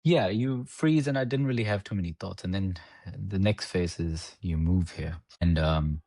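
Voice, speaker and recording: A man in his thirties with a very low voice, animated and chatty as he recounts his story, often breaking into laughter and quoting himself. The sound is dry and close, with no room around it. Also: normal speed, no room sound. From India. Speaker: podcast guest. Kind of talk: casual chat, storytelling.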